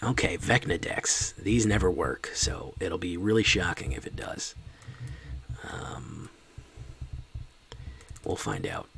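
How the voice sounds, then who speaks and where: A man's voice: low-pitched, expressive, slow pace, gravelly, pauses often, fairly bright tone, slight background noise. A man streaming a card game, chatting casually and joking with his chat.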